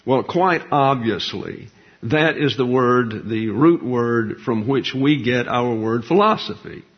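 Husky folksy preacher man, lo-fi. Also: medium pitch, lively intonation, takes it slowly. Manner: digressive, folksy, explanatory, with frequent fillers. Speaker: pastor. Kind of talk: Bible teaching sermon. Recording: dull lo-fi recording.

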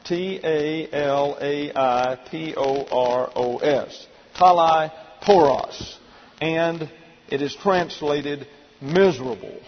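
A man's voice: fairly high pitch, slow pace. Methodical male Bible teacher, reverberant hall. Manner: methodical, spells out Greek words letter by letter. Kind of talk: verse-by-verse Bible lesson. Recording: dull lo-fi recording in a reverberant hall with faint noise.

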